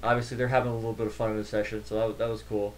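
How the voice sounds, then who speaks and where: A man's voice: lowish voice, little pitch movement, very fast. A man, a network engineer, casually recapping a tech conference in a rambling, chatty way with many fillers.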